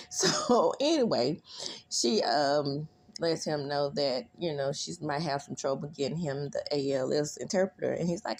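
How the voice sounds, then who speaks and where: Chatty woman with a lively, swooping voice. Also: deep voice, normal speed, gravelly, a little hiss or hum. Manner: chatty, animated, laughs often, squeals quoted lines. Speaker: recap vlogger. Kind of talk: casual TV episode recap.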